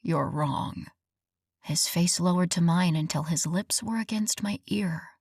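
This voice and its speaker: A woman narrating a first-person romance audiobook in an expressive, scripted reading. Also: on the low side, moderate pace, breathy edge, no echo, studio quality.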